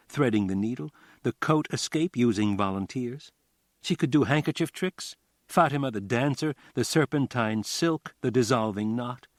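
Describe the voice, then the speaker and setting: A man reading a crime novel aloud as an audiobook narrator, in a wry, even storytelling manner. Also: on the low side, no room sound, clean studio sound. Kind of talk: scripted narration.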